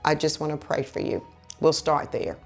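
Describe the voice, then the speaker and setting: A woman's voice: low voice, moderate pace, creaky, soft background music. A woman preaching a heartfelt sermon, telling her own story and then leading a prayer in an earnest, exhorting way.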